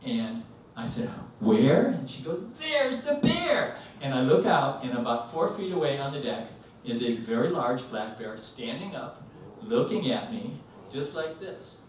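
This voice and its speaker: A man spins a rambling story at a live storytelling night, stopping and restarting, acting out what people said. His mid-pitched voice comes from some way off the mic and rings through a very echoey hall, with faint noise underneath. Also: normal speed, few pauses, recorded from a distance. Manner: rambling, animated, acts out quotes. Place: live event venue, indoors.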